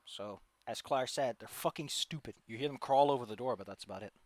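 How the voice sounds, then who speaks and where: A man's voice: mid-range voice, brisk, no room sound. A man narrating as game master in a tabletop game, talking loosely with lots of filler words.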